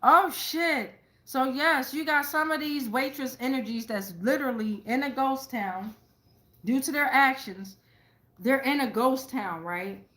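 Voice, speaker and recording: A woman giving a casual tarot reading to her viewers, talking excitably with lots of profanity, repeating phrases and checking in with "right?" again and again. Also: high voice, measured pace, echoey room. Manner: profane, keeps asking "right?". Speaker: tarot reader.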